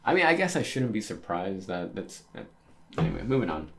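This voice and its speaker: A man with a notably deep, low voice chats casually while reacting to a comic. His delivery is laid-back and loose, full of fillers and sudden exclamations. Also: big pitch swings, fairly quick. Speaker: manga reaction host.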